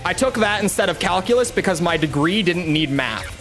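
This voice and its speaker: A man's voice: high voice, expressive, brisk, a bit bright, soft background music. A young man streaming a game, telling a rambling, self-mocking story in casual chat with lots of restarts. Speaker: gaming streamer.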